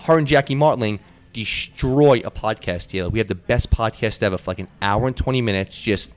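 Fast-talking man in his thirties. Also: lowish voice. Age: 30s. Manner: profane, animated storytelling with acted-out quotes. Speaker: podcast host. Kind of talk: casual podcast chat.

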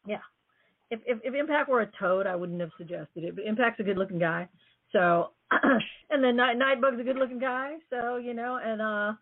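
Hoarse woman hosting a chatty radio show. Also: on the high side, moderate pace. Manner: chatty, rambling, joking. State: voice going hoarse. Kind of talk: casual radio show chat. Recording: phone-like narrow band.

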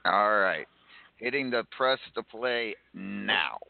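A man's voice: lowish voice, animated, slow pace, creaky, no echo. A man hosting a wrestling radio show with dry, mock-annoyed banter. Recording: tinny phone-like lo-fi recording.

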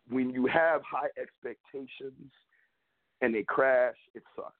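A man hosting a sports show, ranting in frustration, emphatic and rambling, often repeating himself. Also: fairly high pitch. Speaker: sports podcast host. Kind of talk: heated sports rant. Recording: phone-like narrow audio.

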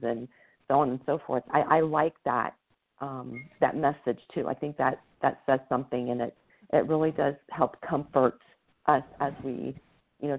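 A woman in her fifties in a casual chat, agreeing and reflecting. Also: rumbling low. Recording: phone-like narrow audio.

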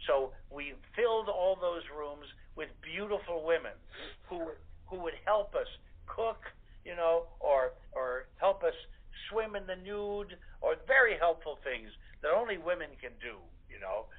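A man's voice: fairly high pitch, expressive, measured pace. An older man, a guest actor, telling rambling anecdotes in a casual interview, with many fillers. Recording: tinny phone line.

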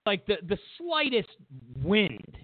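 A man's voice: high-pitched, slow, background noise. A man hosting a political commentary show, delivering an emphatic, mocking monologue. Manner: emphatic, animated, mocking asides. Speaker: show host. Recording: tinny phone-like audio, dry.

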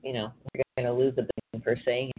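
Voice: mid-range voice, level tone, fast talker, slight background noise. Host riffing on news over tinny line. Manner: reads news then riffs on it, swearing and laughing. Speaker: radio show host. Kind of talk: casual news commentary. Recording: tinny phone-like sound.

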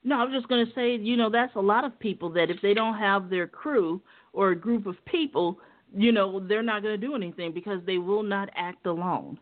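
A man hosting a casual discussion, making slow, emphatic points padded with "you know". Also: sits high. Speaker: host. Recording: tinny phone line.

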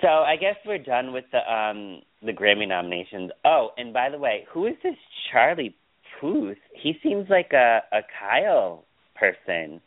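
A gossipy man hosting a casual chat, exclaiming over things with a lively, swooping pitch. His voice comes through thin and phone-like, as over a call line. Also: normal speed, no echo. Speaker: podcast host.

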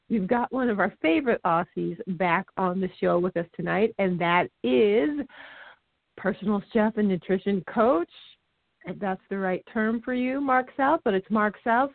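A woman's voice: mid-range voice, gravelly, no echo. Bubbly woman co-host on a tinny phone line. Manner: bubbly, laughs often. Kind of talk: casual radio show chat.

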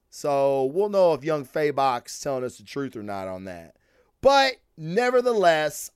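Profane, animated podcast man. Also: on the high side, clear, resonant tone, no room sound, clean studio sound. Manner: profane, animated storytelling with frequent swearing. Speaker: podcast host. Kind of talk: casual solo podcast rant.

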